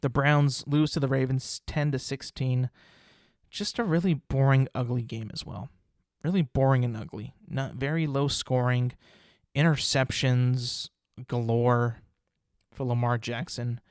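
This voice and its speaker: A podcast host talks casually about the weekend's games on his own show, his medium-pitched, slightly mellow voice steady in tone and unhurried. He tends to ramble and repeat himself, using many fillers and offering strong opinions. Dry, close sound with no echo from the room.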